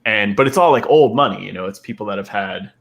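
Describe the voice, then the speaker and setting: A man's voice: on the low side, fast talker, gravelly, fairly bright tone. A man chatting casually in a laid-back way, telling stories to his co-hosts. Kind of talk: casual chat.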